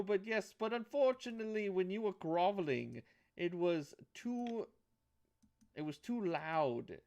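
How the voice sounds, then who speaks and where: A man narrating a tabletop game as game master, halting and restarting phrases as he goes. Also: a little high, darkish tone, clear, resonant tone.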